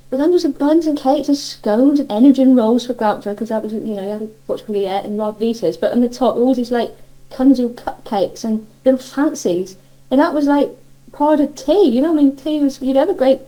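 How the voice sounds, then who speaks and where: In a low-quality recording, a middle-aged woman with a Cornish accent reminisces during an interview, wandering off track and correcting herself often. She comes from Cornwall, England, and her slightly high voice has a dark tone.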